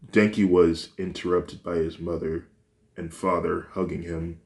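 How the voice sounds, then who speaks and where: Slow, deep-voiced male story reader. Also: level tone. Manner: halting reading with restarts. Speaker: narrator. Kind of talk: amateur fan-fiction narration.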